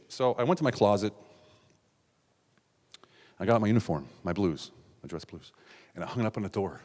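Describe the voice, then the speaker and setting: A middle-aged man from the United States telling a raw, confessional personal story on stage, with sudden loud outbursts and hushed asides. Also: fairly low pitch, lively intonation, brisk, pauses often. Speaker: keynote speaker. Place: large hall on stage. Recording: stage talk with long hall reverb.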